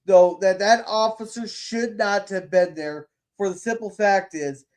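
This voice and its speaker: A man's voice: high voice, unhurried, darkish tone. A man hosting a casual podcast, talking bluntly with lots of swearing and stumbling restarts. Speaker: podcast host. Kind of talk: casual opinionated chat.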